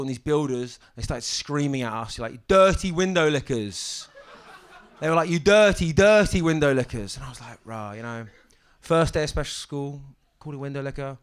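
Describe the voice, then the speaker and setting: A young man doing a stand-up set on a comedy club stage, halting and deadpan, with many ums and restarts. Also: fairly high pitch, smooth.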